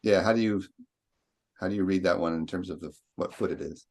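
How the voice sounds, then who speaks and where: Low-voiced man leading a poetry seminar. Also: brisk. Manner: thoughtful, recites lines with exaggerated stress. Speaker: lecturer. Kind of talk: seminar discussion.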